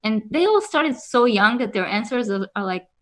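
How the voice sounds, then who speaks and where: A woman co-hosting a casual podcast chat, speaking in an earnest, measured way. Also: on the high side, big pitch swings, fairly bright tone. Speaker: podcast co-host.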